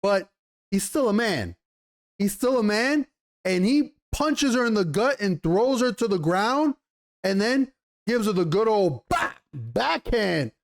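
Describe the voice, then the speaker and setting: A man giving a casual, animated TV episode review in slangy talk, often repeating himself. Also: high voice, slow pace. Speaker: TV show reviewer.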